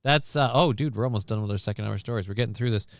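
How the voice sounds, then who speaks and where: A man's voice: on the low side, rapid-fire, no room sound, clean studio sound. A man hosting a live stream, riffing sarcastically and rambling through news stories in casual commentary.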